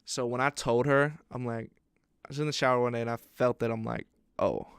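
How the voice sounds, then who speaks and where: A young man chats on a podcast, telling a profane story with animated energy and frequent laughter. His voice is smooth and resonant at a middle pitch. The sound is close and dry, with no room around it. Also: quick pace, dry recording. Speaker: podcast co-host. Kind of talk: casual chat, storytelling.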